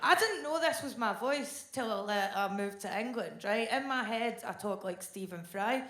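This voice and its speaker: A woman's voice: medium pitch, moderate pace, heavy background noise. Blunt Scottish woman doing stand-up. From Scotland. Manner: blunt, deadpan delivery. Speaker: stand-up comedian. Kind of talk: stand-up comedy set. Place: large theatre stage before a live audience. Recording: echoey live venue with audience laughter.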